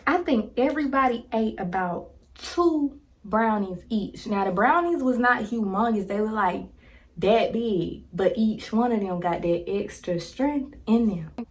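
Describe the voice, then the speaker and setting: A woman in her twenties, a vlogger telling a casual story to a phone camera, slangy and animated, laughing as she talks. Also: medium pitch, unhurried. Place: indoors, home filming with ring light.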